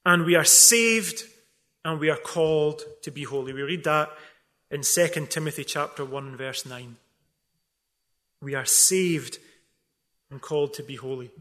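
A high-voiced man preaches with a bright, sharp edge to his tone. He drives his points home through rhetorical questions and slips in dry, joking asides. The delivery is that of a pastor in full sermon. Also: measured pace, pauses often. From not from England.

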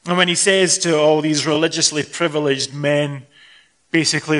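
A Scottish man preaching a sermon in a conversational, expressive way, acting out the scenes he describes. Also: fairly high pitch, normal speed. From Scotland.

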